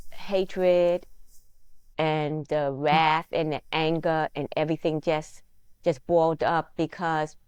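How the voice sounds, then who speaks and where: Female guest, low register, dry close sound; halting, restart-heavy personal testimony. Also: darkish tone, clear, resonant tone, no echo. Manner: halting, many restarts and repeated words. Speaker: interview guest.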